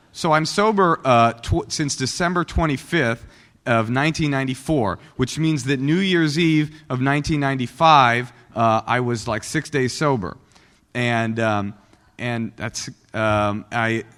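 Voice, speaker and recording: A man's voice: medium pitch, a bit bright. A man in his forties from Oakland, California, telling his recovery story to a meeting in a self-deprecating, joking way. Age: 40s. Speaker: guest speaker at a recovery meeting. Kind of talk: personal recovery talk to a live audience. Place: meeting hall. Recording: long hall reverb.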